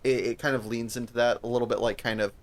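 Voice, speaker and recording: A man's voice: medium pitch, level tone, quick pace. A man co-hosting a podcast, talking casually about a movie, rambling with restarts and plenty of swearing. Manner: rambling, profane, restarts often. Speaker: podcast co-host. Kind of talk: casual chat.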